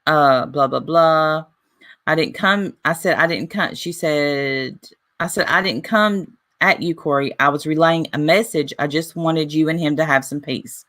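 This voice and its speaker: A woman's voice: low voice, a little slow, a bit bright. A woman vlogging casually, retelling a dispute with lots of "I said, she said" and reading messages aloud. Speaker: YouTuber. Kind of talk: casual vlog monologue.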